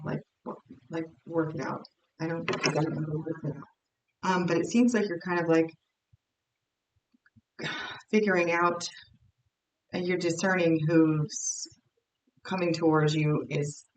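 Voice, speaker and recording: A woman's voice: low voice, far from the mic. A young woman giving a casual tarot reading, thinking aloud in a rambling, self-interrupting way. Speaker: tarot reader. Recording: roomy, off-mic with faint noise.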